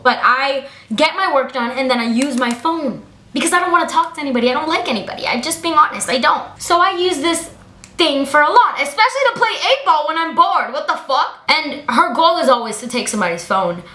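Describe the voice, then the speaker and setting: A woman telling a storytime vlog in a blunt, profane, animated ranting way. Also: high-pitched, brisk, echoey room.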